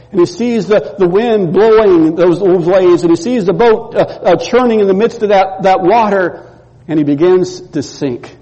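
A man preaching a sermon, telling a story with lively repetition and acting out the voices in it. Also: sits high, long reverb tail, poor audio. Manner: storytelling, acts out quoted voices, repeats words. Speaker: pastor.

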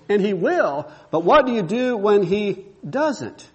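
High-voiced preaching man. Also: big pitch swings, slow, highs cut off. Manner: emphatic, repeating rhetorical questions. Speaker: pastor. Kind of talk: sermon.

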